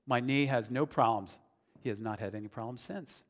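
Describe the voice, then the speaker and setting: A pastor with a mid-range voice preaches at a brisk clip, earnest and conversational, building toward emphatic declarations. The long reverb of a large hall surrounds his words.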